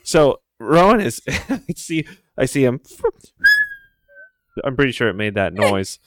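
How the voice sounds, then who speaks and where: A man's voice: medium pitch, sing-song, a little slow, very noisy. A young man co-hosting a podcast, telling joking stories in a laid-back, casual way. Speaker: podcast co-host. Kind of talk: casual chat.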